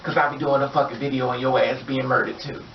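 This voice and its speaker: A woman's voice: a bass voice, steady tone, fast, recorded from a distance, slight background noise. Fiery, profane woman ranting in an echoey room. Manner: angry, blunt and profane, addressing viewers directly. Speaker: vlogger. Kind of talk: impassioned rant to camera. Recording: echoey room, off mic, dull lo-fi sound.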